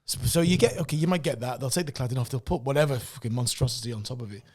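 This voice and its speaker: A man talking quickly in a casual podcast chat, his voice at an average pitch. He rambles through stories with restarts and swears often. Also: breathy edge. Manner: rambling, animated storytelling with frequent swearing and restarts.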